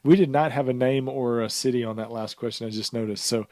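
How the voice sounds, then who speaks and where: A man co-hosting a podcast, chatting casually and rambling with frequent fillers and quick laughs. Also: mid-range voice, steady tone, mellow, no echo, clean studio sound. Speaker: podcast co-host.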